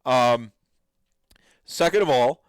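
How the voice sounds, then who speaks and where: A man's voice: mid-range voice, animated, slow pace, clear, resonant tone, no echo. A man hosting a podcast, reacting to videos in an enthusiastic, rambling way with lots of fillers. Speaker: podcast host. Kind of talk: casual commentary reacting to videos.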